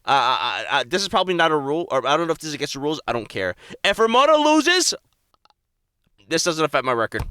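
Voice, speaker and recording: A young man hosting a reaction video, cursing and talking loudly back at what he watches. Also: on the high side, fast, clear, resonant tone, no echo, studio quality. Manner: loud, profane, excitable, talks to the screen. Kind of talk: live reaction commentary. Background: loud music from the video he watches.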